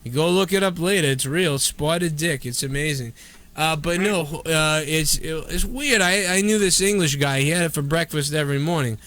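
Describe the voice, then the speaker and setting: A man's voice: a little high, moderate pace, a bit bright, a little hiss or hum. A man hosting a live call-in stream, rambling through crude, profane jokes in casual banter. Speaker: live stream show host.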